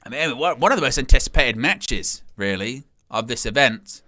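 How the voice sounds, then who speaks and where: A man hosting a live wrestling watch-along, calling the action with excited gasps and exclamations. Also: mid-range voice, moderate pace, no room sound. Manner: animated, exclaiming "oh" at each move. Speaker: wrestling live-stream host.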